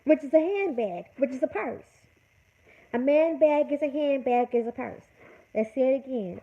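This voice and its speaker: A woman's voice: sits high, expressive, normal speed. A woman hosting a livestream, scolding her chat in an emphatic, repetitive rant. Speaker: livestream host. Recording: tinny phone-like audio.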